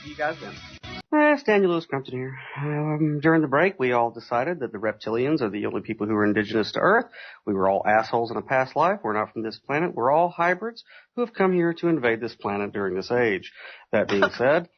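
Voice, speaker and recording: A man hosts a loose, jokey radio round-table, quick to laugh and tease his guests. His voice sits at an ordinary middle pitch, and it comes through dull, muffled lo-fi audio. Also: expressive, soft background music. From Georgia, USA. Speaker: radio show host. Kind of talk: casual joking radio talk.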